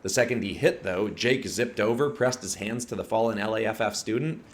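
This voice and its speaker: A man reads a scripted fantasy story aloud in a steady, dramatic manner. His voice sits low. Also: brisk. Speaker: narrator.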